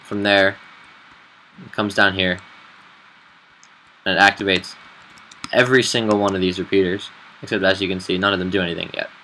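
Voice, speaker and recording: A man who admins a game server, walking through a build in a casual tutorial, relaxed and halting with fillers. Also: low voice, slight background noise, poor audio.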